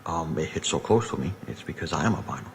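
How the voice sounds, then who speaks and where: A man in his thirties with a very low, gravelly voice talks in a loose, earnest way, full of "um"s and "sort of"s. It sounds like a casual self-made video message, and faint hiss sits under his voice. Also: expressive, fast talker. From Puerto Rican. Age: 30s. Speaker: radio personality.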